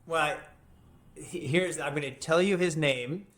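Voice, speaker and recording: Male guest, emphatic, repeats phrases for effect, slightly high voice. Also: measured pace, a bit bright. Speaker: historian and futurist guest. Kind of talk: podcast interview.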